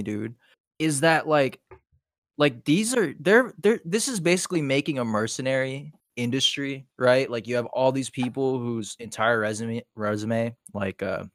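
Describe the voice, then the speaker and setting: A man's voice: medium pitch, a bit bright, dry recording, clean studio sound. A man co-hosting a podcast, ranting in frustration, swearing and tripping over restarts. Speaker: podcast co-host. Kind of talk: casual podcast rant.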